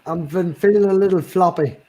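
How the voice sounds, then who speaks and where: A man's voice: sits high, fairly quick, heavy background noise. A man with a Northern Irish accent chatting and joking as co-host of a livestream. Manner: joking, teasing. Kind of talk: casual chat.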